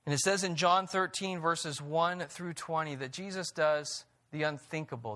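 A man preaching a sermon, reading scripture aloud and rising in pitch and volume on emphatic points. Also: a little slow, few pauses, sharp tone. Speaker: pastor.

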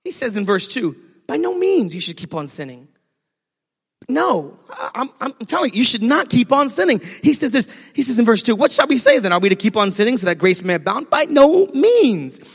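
Man preaching, very high voice, shouted sing-song cadence, long hall reverb. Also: very animated, brisk, vocal fry, husky. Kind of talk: sermon. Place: church sanctuary.

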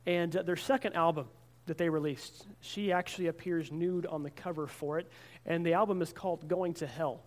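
High-voiced man preaching a sermon. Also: fairly even intonation, moderate pace. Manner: earnest storytelling with frequent word repeats. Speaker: pastor.

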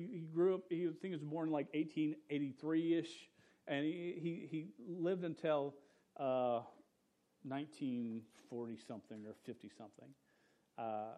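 A young adult man preaches a casual sermon as a pastor, speaking loosely and sprinkling in plenty of "dude" and "man." His pitch sits fairly high, and his voice fades quietly at the end of each point.

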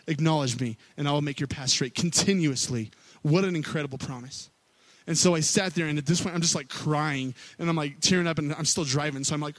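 A man in his thirties, a worship pastor, telling a personal story in a sermon with candid, conversational delivery that swings between loud pleading and quiet asides. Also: brisk, no room sound. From Missouri. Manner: candid storytelling, rising to loud pleading then dropping low.

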